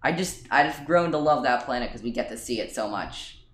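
A man's voice: mid-range voice, animated, normal speed, noisy background. A man co-hosting a casual podcast chat, hesitating with many ums and restarts. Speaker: podcast co-host. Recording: roomy echo.

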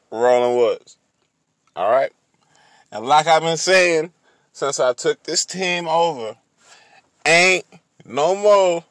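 A man hosting a podcast, talking slowly and repeating his catchphrase. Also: a little high, no room sound, studio quality. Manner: slow, repetitive catchphrase delivery. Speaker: podcast host. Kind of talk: casual podcast talk.

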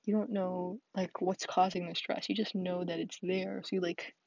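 A young woman talks alone into the mic, rambling and putting herself down, and her voice keeps sinking to a husky whisper. The sound is dry and a little dull, like a lo-fi home recording. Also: fairly low pitch, little pitch movement, moderate pace, no echo. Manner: rambling, self-deprecating, drops into soft whispers. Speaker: podcast host. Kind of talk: solo vent podcast.

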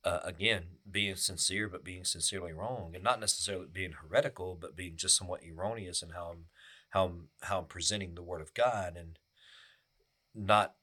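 A man's voice: sits low, fairly quick, bright, forceful tone, slightly rough. A man co-hosting a faith podcast, talking in an earnest, preacherly way and often repeating words as he works out his point. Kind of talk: casual podcast chat.

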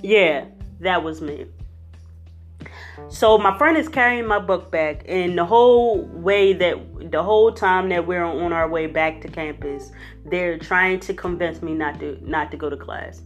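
A young woman telling a personal story in a lively, conversational, slangy way. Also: fairly low pitch, measured pace, faint music behind. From Philadelphia.

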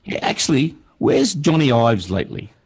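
Man, podcast co-host, raspy, gravelly, dry sarcastic humor. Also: mid-range voice, huge pitch swings, moderate pace. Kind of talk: casual tech chat.

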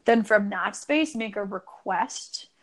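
A woman's voice: medium pitch, lively intonation, takes it slowly, fairly bright tone. A woman guest on an interview, explaining relationship advice in an earnest, casual way with many fillers.

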